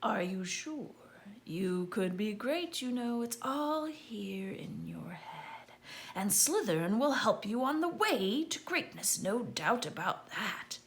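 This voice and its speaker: Woman whispering as a slow, musing old sorting hat. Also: on the high side, big pitch swings, exaggerated voice. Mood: persuasive. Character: old magical talking hat, musing and sly.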